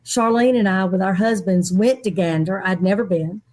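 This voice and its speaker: A middle-aged woman, a guest in an interview, telling a personal story in a lively way and acting out other people's voices. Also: mid-range voice, moderate pace. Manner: animated, acts out quoted people's voices.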